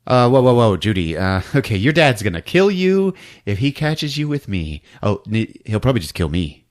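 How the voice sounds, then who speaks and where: A man voicing a jittery, panicky grown man, his voice pitched high and flustered. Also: big pitch swings, moderate pace. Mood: panicked.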